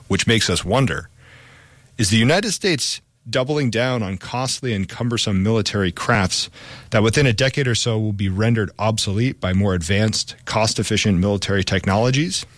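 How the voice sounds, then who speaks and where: Brief: male co-host, low voice, reads scripted history segments, dry close mic. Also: a bit bright, no echo. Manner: reads scripted lines with casual asides. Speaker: podcast co-host. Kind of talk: semi-scripted history podcast.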